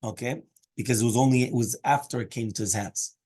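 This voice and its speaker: A man teaches a daily Talmud lesson at a quick pace in a medium-pitched, dark voice, rendering every Aramaic phrase in English. His speech blends Hebrew and Aramaic terms into English, punctuated often by "right?" and "okay?".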